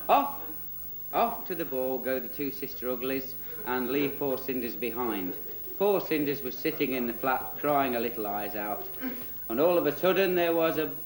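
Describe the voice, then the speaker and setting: A man's voice: mid-range voice, slight background noise. A man, presenting and telling a spoof children's story in a cheeky, giggly storybook tone. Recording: roomy echo.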